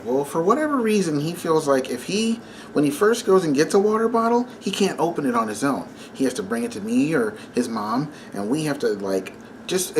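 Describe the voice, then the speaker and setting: A Christian vlogger in his thirties gives a casual devotional talk, conversational and full of fillers, laughing as he tells a story. His voice is fairly high, with a little hiss or hum in the recording.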